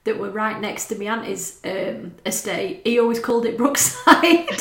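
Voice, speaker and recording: A woman's voice: mid-range voice, normal speed, gravelly, echoey room, slight background noise. Chatty woman in her thirties. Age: 30s. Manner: chatty, swears, laughs often. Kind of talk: casual chat.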